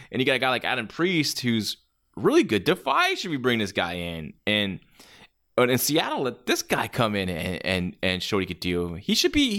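A man talks through his opinions in a casual, off-the-cuff way, full of restarts and filler words. His pitch swings up and down in an animated way around a mid-range voice, and his judgments come out blunt. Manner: rambling, many fillers and restarts. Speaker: wrestling match reviewer. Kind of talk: casual spoken review.

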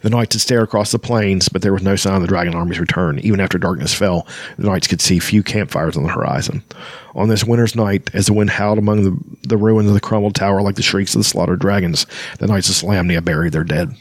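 A man's voice: sits low, fairly even intonation, fast, few pauses, no echo. A man hosting a podcast, reading a novel aloud with loose, chatty asides and frequent self-corrections. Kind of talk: book reading with casual asides.

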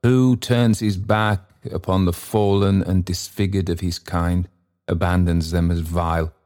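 A man voicing the stern, accusing goblin spirit of a church bell in a solemn, slow audiobook reading. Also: low-pitched, steady tone, darkish tone.

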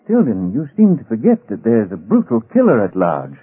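An actor playing a calm, firm detective in a 1950s radio drama, grave and measured. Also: male voice, lowish voice, breathy edge, exaggerated voice. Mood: stern. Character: Mister Keen, calm firm male detective. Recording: tinny old radio broadcast.

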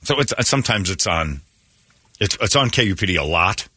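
Man, morning radio host, casual banter, animated, mocking, lively pitch, husky. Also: a little fast, dry recording, clean studio sound. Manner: animated, ranting, mocking, laughs often.

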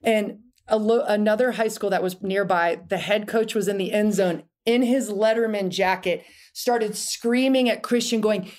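Middle-aged woman guest, chatty and animated, keeps restarting sentences. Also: medium pitch, moderate pace. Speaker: podcast guest. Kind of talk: casual interview storytelling.

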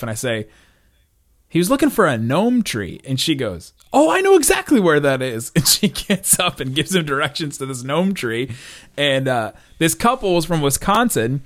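A man's voice: a little high, a bit bright. A man from Florida co-hosting a podcast, telling stories in a casual chat and laughing often. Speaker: podcast co-host.

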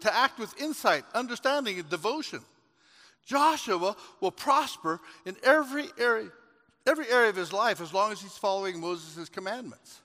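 A man preaches in a very high, bright, forceful voice. He tells folksy stories and then rises to shouted exhortation. A long reverb trails through the large church hall. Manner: storytelling that builds to shouted preaching. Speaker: pastor. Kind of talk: sermon.

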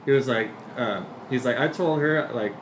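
Animated man telling stories in a roomy space. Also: medium pitch, moderate pace. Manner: animated storyteller, says "dude" constantly, acts out quotes. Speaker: podcast co-host. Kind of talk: casual banter. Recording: roomy, faint background hiss.

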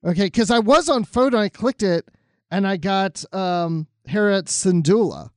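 An easygoing man chats on a podcast, telling stories in a relaxed way. His voice is a little high for a man, and the recording is dry and close to the mic. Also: normal speed, no room sound. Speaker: podcast co-host. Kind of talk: casual podcast chat.

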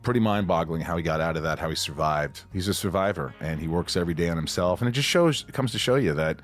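A man's voice: sits low, lively intonation, fast talker, soft background music. A man hosting a podcast in casual chat, an effusive, enthusiastic storyteller. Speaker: podcast host.

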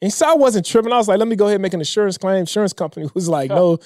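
A man in his thirties telling a personal story in a casual, emotional way, dropping low and quiet when he quotes others. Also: racing, no echo. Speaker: podcast guest.

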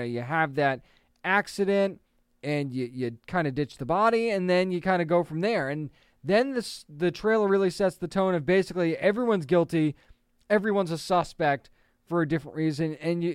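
Casual male entertainment host, thirties to forties, smooth clear tone, opinionated chatter. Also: fairly high pitch, no room sound, clean studio sound. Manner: chatty, opinionated, quick asides. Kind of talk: casual commentary.

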